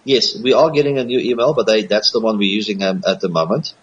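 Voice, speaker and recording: A man from Africa, a guest on a radio interview who talks hesitantly with many filler pauses. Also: on the low side, steady tone, husky, dull audio. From South Africa.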